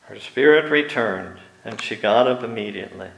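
A man preaching a sermon, slow and deliberate, growing animated when he acts out the scene. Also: on the low side, creaky, echoey room, low-quality recording.

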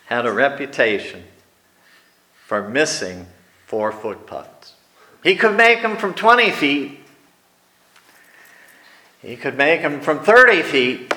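A man preaching a sermon, telling wry personal stories and slipping into quiet asides, recorded in a church hall. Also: mid-range voice. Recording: echoey room.

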